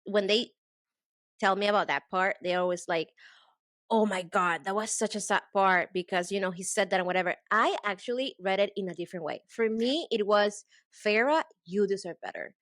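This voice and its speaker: A woman co-hosting a podcast, chatting casually and excitedly about a book. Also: medium pitch, fairly quick, dry recording, studio quality. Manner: gushing, excitable. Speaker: podcast co-host. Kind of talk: casual book-club chat.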